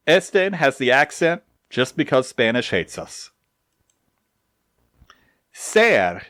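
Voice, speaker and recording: A man teaches grammar at an unhurried pace. His pitch rises and falls a lot as he stresses each form. The sound is close and dry, with no room around it. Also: fairly bright tone, no room sound. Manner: slow, deliberate explanations with dry humor. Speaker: Spanish teacher. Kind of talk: recorded grammar lesson.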